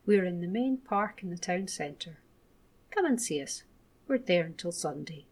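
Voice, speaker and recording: A woman's voice: lowish voice, lively intonation, measured pace, breathy edge. A woman voicing a friendly, tall male circus giant who cheerfully invites people to his show.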